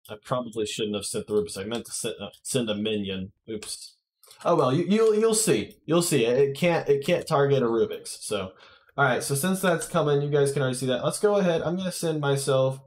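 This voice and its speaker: A man giving casual gameplay commentary to his viewers, chatty and often correcting himself. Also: mid-range voice. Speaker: gaming YouTuber.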